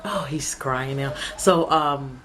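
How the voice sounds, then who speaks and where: A woman's voice: rumbling low, slow, a bit bright, faint music behind. A young woman vlogging about her family, retelling an upsetting morning in a rambling, emotional way. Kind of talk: casual storytelling to camera.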